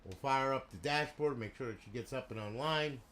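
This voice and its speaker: A man's voice: mid-range voice, fairly quick, fairly bright tone. A man casually walking through a game console build he sells, chatty and full of "you know" and "okay" fillers. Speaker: console modder and seller. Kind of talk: casual product walkthrough.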